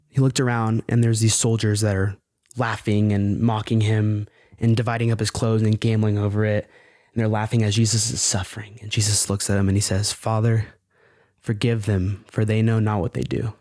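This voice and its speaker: A man's voice: lowish voice, level tone, normal speed, darkish tone, no echo, clean studio sound. A man speaking as a podcast guest in earnest, fervent casual talk, often saying "bro".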